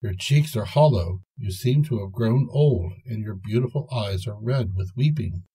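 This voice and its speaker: A man's voice: on the low side, normal speed, dark tone, breathy edge. A man voicing a young man waking from a long illness, asking questions in a wondering, anxious way. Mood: bewildered.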